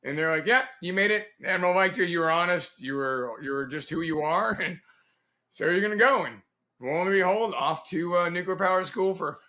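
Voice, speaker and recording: A middle-aged man recounting his Navy years in a casual interview, animated and quick to laugh, acting out the people he quotes. His voice sits a bit high and sounds bright and forceful. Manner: animated, laughs often, acts out quoted dialogue. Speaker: guest, Navy veteran.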